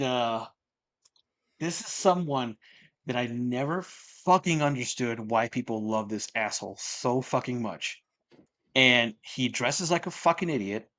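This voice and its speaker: A man co-hosting a casual wrestling podcast, talking bluntly in a flat, monotone way with constant swearing. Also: mid-range voice, measured pace. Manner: blunt, profane, self-described monotone. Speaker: podcast co-host.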